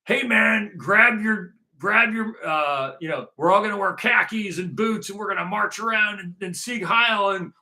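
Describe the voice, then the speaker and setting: A man putting on the voice of a swaggering, gung-ho male militant recruit, loud and pumped up in a mocking way. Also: sits high, moderate pace, gravelly, few pauses, voice pushed up, heavily acted.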